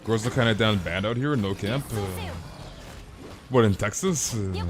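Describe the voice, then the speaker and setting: A man's voice: medium pitch, lively intonation, takes it slowly, long pauses, noisy background. A young man streaming a game who chats casually with viewers, rambling, stammering over repeated words and saying "dude" constantly.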